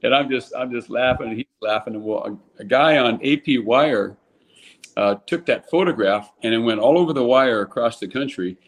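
An older man from California, a former baseball player, telling lively stories in a casual interview and acting out the quotes. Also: moderate pace. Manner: animated storyteller, acts out quotes with raised pitch.

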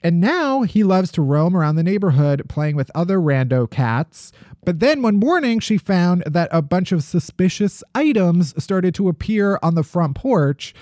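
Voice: medium pitch, big pitch swings, normal speed, a little mellow, no room sound. A host reading odd news stories on a casual podcast, with dry jokes and laughter. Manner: jokey, dry asides, laughs while reading. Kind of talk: casual chat.

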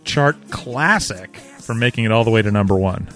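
A man's voice: lowish voice, animated, normal speed. A man co-hosting a podcast, joking and teasing with mock-grumpy remarks in casual chat about music. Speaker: podcast co-host.

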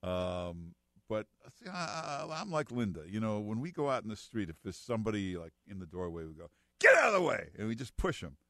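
Animated New York talk radio host. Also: male voice, lowish voice, brisk, no echo, clean studio sound. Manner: teasing, jokey. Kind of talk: talk radio call-in banter. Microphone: studio microphone.

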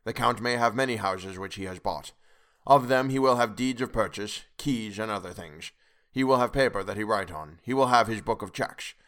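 A man's voice: on the low side, fairly bright tone, close to an everyday voice. A man reading as a patient, wise old professor. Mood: measured. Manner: measured, deliberate, lecturing. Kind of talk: audiobook character reading.

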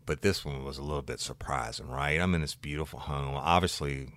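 A man, a former patrol deputy, telling a story from one of his calls in a blunt, animated way and swearing freely. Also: very deep voice, a little fast, dry recording. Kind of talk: casual true-crime storytelling.

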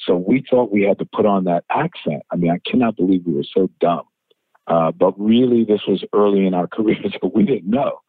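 A male musician being interviewed, telling anecdotes in an animated way, laughing and acting out what people said. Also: deep voice, fairly quick, slightly rough, no echo. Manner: animated storyteller, laughs, acts out quotes. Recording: tinny phone-like interview line.

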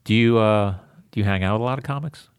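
A man with a very low, gravelly voice hosts a casual chat, rambling and restarting his sentences and laughing easily. The sound is dry and close, with no room around it. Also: dry recording. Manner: rambling, halting, quick to laugh. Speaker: podcast host.

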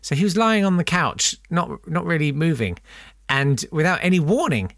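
A man's voice: fairly high pitch, lively intonation, moderate pace, fairly bright tone, dry recording, clean studio sound. A man co-hosting a comedy podcast, telling history stories in a theatrical, giggly way. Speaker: podcast co-host. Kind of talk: comic history storytelling.

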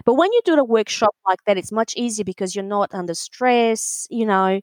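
A woman telling a story in a casual interview, animated and full of fillers, acting out other people's voices. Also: medium pitch, moderate pace, no echo. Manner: animated, acts out voices in quotes, many fillers. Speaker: alpaca breeder, guest.

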